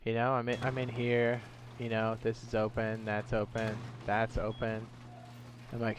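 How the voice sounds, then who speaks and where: A man's voice: medium pitch, little pitch movement, moderate pace, slight background noise. Chatty male gaming streamer. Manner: chatty, loose, thinks aloud while building. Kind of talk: casual gaming livestream commentary.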